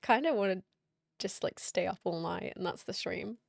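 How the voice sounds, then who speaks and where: A woman's voice: mid-range voice, normal speed, vocal fry, no echo, studio quality. A woman streamer chatting casually and playfully with her viewers late at night, teasing and laughing often.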